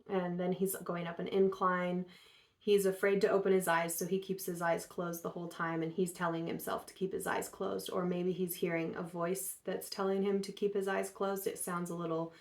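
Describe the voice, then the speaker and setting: Low, flat-voiced woman retelling a story. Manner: relaxed, chatty, many fillers. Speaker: host.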